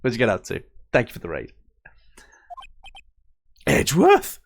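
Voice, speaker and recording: A man's voice: lowish voice, animated, very fast, vocal fry. A man live-streaming a game, chatting playfully and greeting viewers. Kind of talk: casual live-stream chat.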